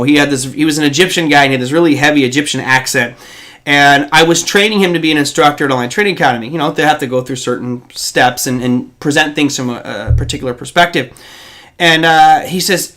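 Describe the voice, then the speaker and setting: A man with a high, light voice hosts a live market show. He talks through charts in a relaxed, conversational way and often pauses on "um" before restarting a thought. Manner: conversational and explanatory, with frequent ums and restarts. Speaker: host of a trading show.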